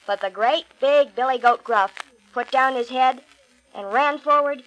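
A woman reading a children's fairy tale aloud with a clear, expressive storybook delivery. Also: a little high, moderate pace, a little hiss or hum, poor audio.

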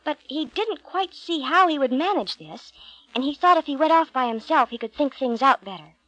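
A woman's voice: high voice, animated, normal speed, a bit bright, no echo, low-quality recording. Dry, close woman reading a Bible story. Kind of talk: storybook narration.

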